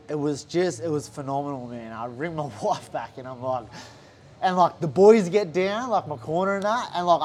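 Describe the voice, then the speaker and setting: A man with an Australian accent telling a story in a casual interview, animated and swearing often. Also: fairly high pitch, a little hiss or hum. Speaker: interview guest, fighter.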